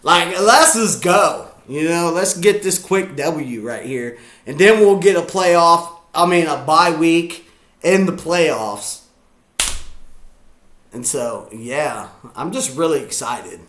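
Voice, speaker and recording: Man, boastful fan, high bright voice, echoey room. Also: animated, takes it slowly. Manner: boastful, hyped, rambling. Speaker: sports fan vlogger. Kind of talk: live game reaction.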